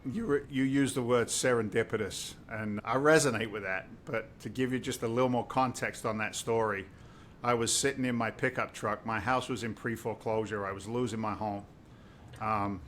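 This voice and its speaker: A man's voice: medium pitch, fairly even intonation, moderate pace, a bit bright, slight background noise. A middle-aged man from the United Kingdom, a guest on a podcast, telling his life story in an emphatic, emotional, preacher-like way. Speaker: guest, real estate investor.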